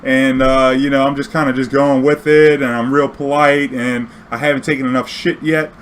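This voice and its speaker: A man's voice: medium pitch, normal speed, slight background noise. A man telling a casual, profane story, acting out the dialogue as he goes. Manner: profane, animated, acts out quoted dialogue. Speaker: storyteller and streamer.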